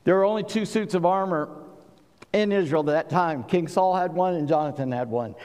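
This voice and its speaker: A man from South Carolina with a Southern accent, preaching a sermon and swinging between booming and hushed delivery. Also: a little fast, smooth, big-room sound. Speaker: pastor.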